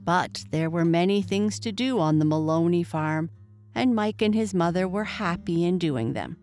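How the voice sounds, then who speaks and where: A woman narrating a storybook in a calm, measured reading voice. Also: fairly low pitch, soft background music.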